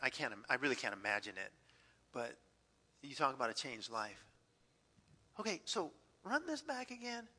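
A man preaching a sermon, animated, swinging between loud outbursts and hushed asides. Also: mid-range voice. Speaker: pastor. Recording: echoey hall.

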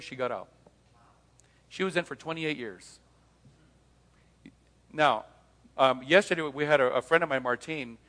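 A middle-aged man, his voice a touch higher than most, addresses an audience in a live talk. He tells stories by acting out each side of a conversation and keeps asking rhetorical questions. His voice rings with the long reverb of a meeting hall. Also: pushed and bright. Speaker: speaker on leaving cults, former pastor.

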